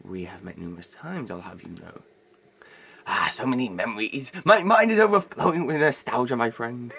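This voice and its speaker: A man puts on a giant, kindly old fish king in an amateur game voice-over. He speaks in lofty, old-fashioned phrases. His voice leaps around a wide range with a bright, forceful edge. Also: mid-range voice, lively intonation, normal speed, vocal fry, breathy edge, heavily acted. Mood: welcoming. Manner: formal, grand old-fashioned speech. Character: huge regal old male fish king, warm-hearted.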